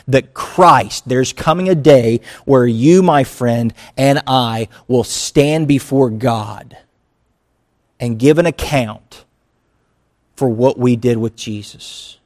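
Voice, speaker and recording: A male pastor delivering a conversational sermon, mixing earnest teaching with quick acted asides. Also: medium pitch.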